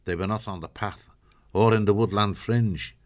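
A man reading an audiobook in steady, measured scripted narration. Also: fairly low pitch.

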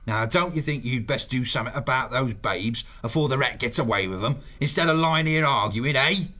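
A man's voice: medium pitch, a little fast. An actor playing a clever, sarcastic male woodland creature who mocks his partner. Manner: sarcastic, sharp. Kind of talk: audiobook character voice.

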